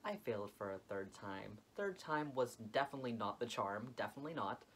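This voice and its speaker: A young man vlogging a dramatic storytime, expressive and full of "like" fillers. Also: lowish voice, moderate pace, a little hiss or hum. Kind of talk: storytime vlog.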